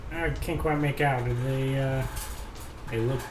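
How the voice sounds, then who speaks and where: A man's voice: mid-range voice, fairly even intonation, a little slow. A man playing a tabletop game, hesitant and musing as he talks. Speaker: player. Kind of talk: casual tabletop play. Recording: roomy with clear background noise.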